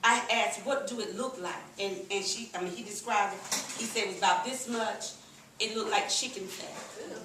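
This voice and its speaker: A middle-aged woman giving a lively, laughing, folksy testimonial to a live audience at a business meeting. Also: mid-range voice, moderate pace, noisy background. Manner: lively, laughing, folksy, addresses crowd as "y'all". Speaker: sales presenter at a business meeting. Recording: echoey room, recorded from a distance.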